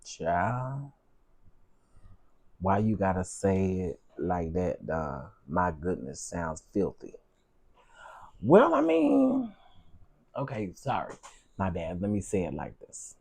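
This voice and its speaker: A man chats casually on his livestream, full of slang and playful asides. His husky, mellow voice swings up and down a lot, and his pitch sits on the low side. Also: takes it slowly, no echo. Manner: chatty, animated, Southern slang. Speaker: livestream host. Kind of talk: casual live-stream chat.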